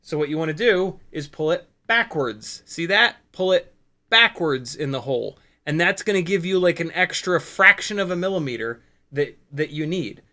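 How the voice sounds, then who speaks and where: A man hosting a casual drone-hobby livestream, talking excitedly and swearing freely as he explains soldering step by step, often restarting his sentences. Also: on the high side, moderate pace. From United States. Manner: excitable, profane, rambling with restarts. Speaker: FPV drone livestream host.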